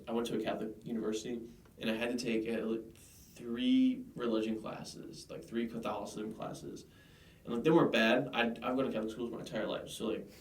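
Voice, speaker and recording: A man's voice: fairly low pitch, slight background noise. Rambling young man in an echoey room. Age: young adult. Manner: chatty, rambling tangents, lively storytelling. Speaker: podcast co-host. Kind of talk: casual interview chat. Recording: echoey room, distant mic.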